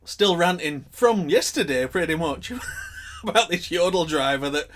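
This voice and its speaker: A man with a slightly high, lively voice trades wry comments on a casual podcast. He mostly chimes in short and laughs along with his co-host. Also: measured pace, slight background noise.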